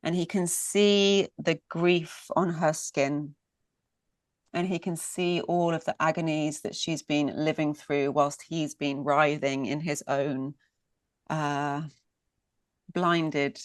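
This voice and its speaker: Woman storyteller, unhurried and lingering, repeats for emphasis, dry close sound. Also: deep voice, fairly even intonation, no echo. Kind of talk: mythic storytelling.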